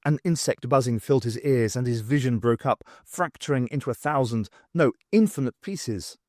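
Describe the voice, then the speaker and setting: A man narrating an unabridged audiobook in a measured, dramatic reading. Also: medium pitch, darkish tone, no room sound, studio quality. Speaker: audiobook reader.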